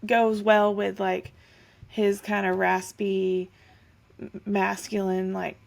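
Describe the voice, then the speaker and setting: Gravelly-voiced woman in casual chat. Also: mid-range voice, level tone, slow pace. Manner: chatty, thinking aloud with many "like" fillers. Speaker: podcast co-host.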